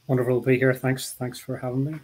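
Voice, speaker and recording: A man's voice: medium pitch, level tone, quick pace, darkish tone, rough recording. A middle-aged man with a Northern Irish accent, a guest talking in a casual interview, rambling with many restarts and asides. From Northern Ireland.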